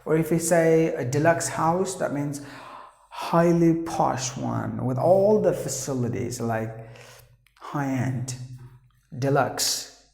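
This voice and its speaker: Slow, earnest Indian English teacher. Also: male voice, a little high, creaky, a little mellow, echoey room. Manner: earnest, spells out sounds, repeats words slowly. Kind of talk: pronunciation lesson. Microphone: camera operated by his wife.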